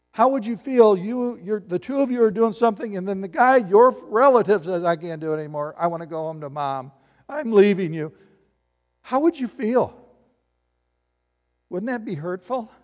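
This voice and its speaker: Male pastor, higher voice, animated preaching style in a reverberant hall. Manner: animated, acts out voices and asks the congregation questions. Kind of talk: sermon.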